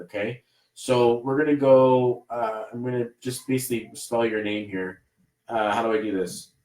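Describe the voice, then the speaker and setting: Man, Canadian accent, live numerology reading, encouraging, rambling, roomy echo. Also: medium pitch. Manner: rambling, encouraging, many fillers. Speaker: numerology reader. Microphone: livestream camera mic.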